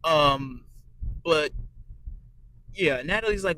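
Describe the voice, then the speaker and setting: A man's voice: a little high, moderate pace, fairly bright tone, a little hiss or hum, rough recording. A man giving a casual, rambling review of a reality show. He swears constantly, speaks bluntly and fills his talk with ums and restarts. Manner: rambling, blunt, heavy cursing, frequent fillers. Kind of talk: casual profane audio review.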